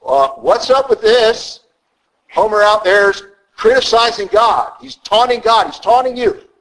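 Brief: a preacher doing a high, outraged shepherd boy, pushing hard. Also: expressive, a little slow, a bit bright, rough recording. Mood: indignant. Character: bold young shepherd boy, indignant.

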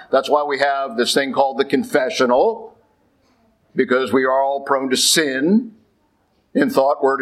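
A man's voice: mid-range voice, a bit bright, rough recording. A man preaching a sermon as a Catholic priest, talking conversationally with rhetorical questions and frequent check-ins with the congregation.

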